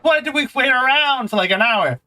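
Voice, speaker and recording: A man streaming a relaxed game, chatting in a rambling, playful, self-mocking way. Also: extremely high pitch, a little fast, rough recording. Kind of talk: casual gameplay commentary.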